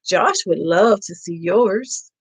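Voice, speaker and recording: Lady reading a kids picture book live, slow and easy, keeps asking the kids stuff. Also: medium pitch, expressive, husky, poor audio. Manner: playful, keeps asking the children questions. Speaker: host reading to children.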